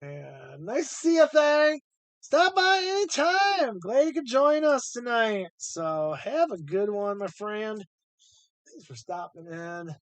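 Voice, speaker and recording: A man's voice: high voice, big pitch swings, slow, dry recording. A man hosting a live stream, chatting casually and rambling as he thinks aloud while sorting coins.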